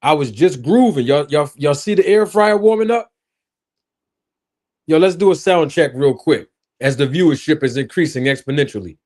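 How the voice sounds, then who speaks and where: Animated man hosting a live stream. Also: on the high side, normal speed. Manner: animated, joking, talks straight to his chat. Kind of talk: casual live stream chat. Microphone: own streaming microphone.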